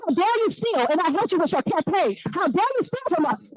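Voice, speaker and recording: A woman's voice: very high voice, very animated, fairly quick, a little mellow, poor audio. A woman resident giving an indignant, accusing public comment at a town meeting.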